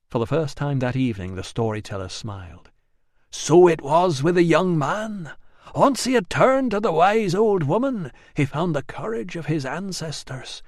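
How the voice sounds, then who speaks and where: A man narrating an audiobook in a measured, expressive reading. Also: a little high, no room sound, studio quality. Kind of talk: scripted narration.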